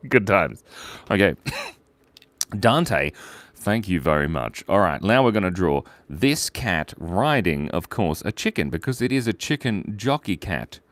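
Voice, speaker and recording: A man with a deep voice hosts a casual live drawing stream, chatting playfully as he sketches. His pitch leaps up and down constantly, and he keeps up a steady stream of jokes and shout-outs to viewers. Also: a little slow, no echo. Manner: playful, jokey, reads viewer names and shout-outs aloud.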